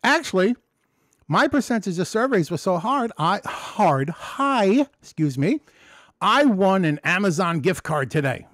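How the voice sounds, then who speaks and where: A man's voice: unhurried, dry recording, studio quality. Man telling an emotional, rambling story. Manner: emotional, rambling with many restarts and frequent swearing; swings between excited storytelling and low, subdued reflection. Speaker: vlogger. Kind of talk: candid personal recovery vlog.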